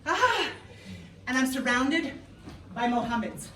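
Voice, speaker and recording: Speaking at a normal speed in a slightly high voice, a Canadian woman in her thirties performs a comic story before a live audience, chatting with them in a playful, lively way. The event hall is echoey, and the distant-mic audio is noisy.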